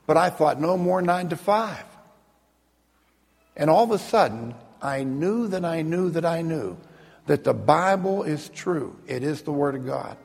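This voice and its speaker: A middle-aged man shares a personal testimony in an earnest, plainspoken way, sometimes repeating words when emotion catches him. His voice is on the high side, gravelly and slightly rough with a darkish tone, and a long reverb tail follows it.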